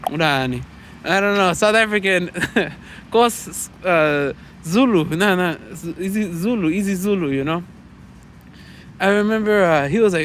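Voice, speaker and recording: A man's voice: high-pitched, moderate pace, fairly bright tone, slight background noise. A Mexican-American man from the States talking outdoors in a loose, chatty vlog monologue, full of "you know" and "man" and swearing. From United States. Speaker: vlogger. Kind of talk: rambling casual monologue.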